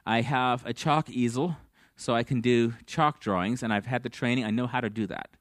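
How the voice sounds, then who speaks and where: A man's voice: medium pitch, normal speed, fairly bright tone, no echo. Dry-voiced male preacher telling stories. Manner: storytelling, acts out dialogue. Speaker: pastor. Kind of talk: sermon.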